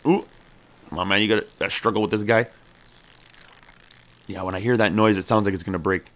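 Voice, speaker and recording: A gameplay streamer plays a survival game in casual let's-play commentary, talking to his character and cheering on each catch. His voice is lowish, steady in tone and fairly bright, with a brisk delivery.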